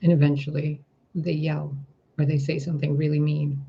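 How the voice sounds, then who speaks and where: Gravelly, husky man giving a tarot reading. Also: a little high, level tone, normal speed, muffled recording. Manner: gentle, reflective, asks rhetorical questions. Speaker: tarot reader. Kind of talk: spiritual tarot reading monologue.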